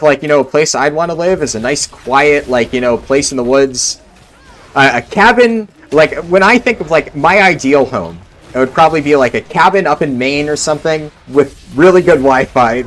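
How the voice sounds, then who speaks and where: A man's voice: fairly high pitch, lively intonation, normal speed, a bit bright. Laid-back young man streaming a game. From Central New Jersey. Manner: rambling and laid-back, many "like" fillers. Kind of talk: casual chat answering live chat.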